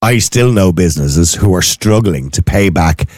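A man's voice: sits low, lively intonation, normal speed, a little mellow, no echo, clean studio sound. An Irish man co-hosting a casual chat, asking questions and chatting wryly. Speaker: podcast co-host.

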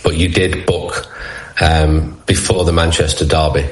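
Deep, flat-voiced football journalist. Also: male voice, low-quality recording. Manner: measured, deliberate analysis. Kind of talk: phone-in radio interview.

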